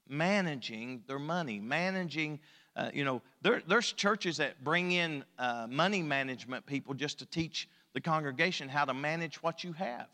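High, bright-voiced preacher in a reverberant hall. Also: male voice. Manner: folksy preaching, swings from hushed storytelling to loud exhortation. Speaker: pastor. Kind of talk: sermon. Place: church sanctuary.

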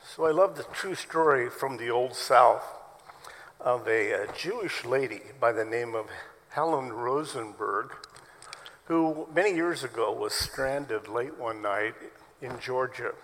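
A man's voice: medium pitch, measured pace, a bit bright, big-room sound, slight background noise, low-quality recording. A man preaching a sermon as pastor to his church, telling stories in a conversational way. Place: church sanctuary.

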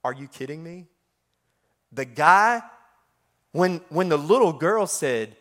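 A man, talking through scripture in an emphatic, folksy, excitable way. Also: fairly high pitch, measured pace, long pauses. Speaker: preacher. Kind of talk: animated scripture talk.

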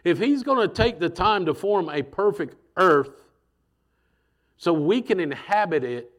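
A man delivering a lively, conversational sermon, his voice sitting a little higher than most men's. He slips into acted-out voices and speaks with plenty of animation. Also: unhurried. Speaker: preacher.

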